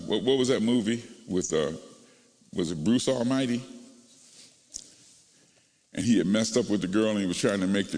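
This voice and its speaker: Male pastor, lower voice, preaching call-and-response in a church, hall reverb. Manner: call-and-response preaching, rising to singing and shouting. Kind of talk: sermon. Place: church sanctuary. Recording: long reverb of a large hall.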